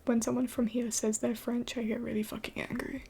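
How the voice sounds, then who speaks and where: A woman's voice: a little high, flat delivery, a little fast, gravelly, warm tone, a little hiss or hum. A young adult woman streaming live late at night, mostly whispering as she answers chat in a blunt, swearing way.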